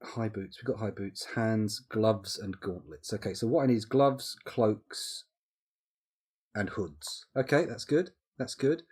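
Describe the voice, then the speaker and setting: Husky low man thinking aloud. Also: unhurried, darkish tone. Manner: thinking aloud, muttering menu items, easygoing asides. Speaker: game streamer. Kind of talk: casual live-stream commentary while playing.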